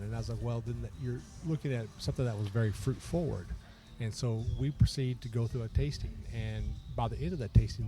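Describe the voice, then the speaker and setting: A man hosting a podcast, telling stories in a relaxed, chatty way and laughing often. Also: mid-range voice. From Texas. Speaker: podcast host. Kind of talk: casual chat.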